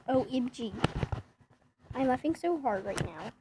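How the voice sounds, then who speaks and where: A woman's voice: sits high, lively intonation, slow, long pauses, heavy background noise. A woman reading funny text messages aloud with playful, laughing, exaggerated reactions. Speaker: comedy video narrator.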